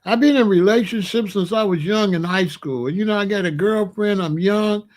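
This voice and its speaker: Livestream host, middle-aged man, higher-pitched voice, blunt and animated, talks straight to his chat. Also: normal speed. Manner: animated, blunt, colloquial, asks chat for examples. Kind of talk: casual livestream talk to chat.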